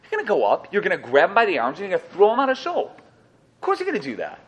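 A man's voice: sits high, fast, slight background noise. A man teaching a Torah class to listeners, storytelling and joking as he goes and acting out the voices in his stories. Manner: lively storytelling, acts out voices, jokes with listeners.

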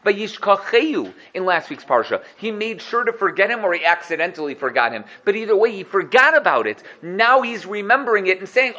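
A man, a rabbi, teaching a religious text lesson, walking through one commentary after another with animated, acted-out quotes. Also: high voice, brisk, hardly any pauses, highs cut off.

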